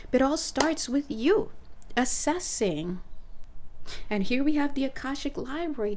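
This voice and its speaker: A woman speaking as an intuitive counselor in a casual spiritual monologue, animated and laughing often as she acts out conversations. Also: mid-range voice.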